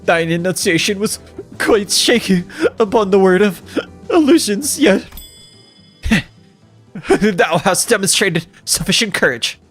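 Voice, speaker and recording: A man's voice: sits high, lively intonation, unhurried, pauses often, a bit bright, faint music behind, voice pushed up. A man voicing a gallant young female knight who speaks in grand, old-fashioned phrases while reading game dialogue aloud. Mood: grandiose.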